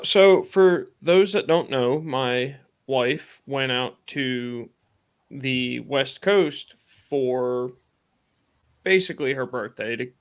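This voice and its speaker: A man tells a personal story on a live stream in a loose, conversational way, full of "you know" and "I'm like". His voice sits at an ordinary pitch with a bright, forward edge. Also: vocal fry. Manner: rambling, animated retelling with many fillers and self-quotes. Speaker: podcast host.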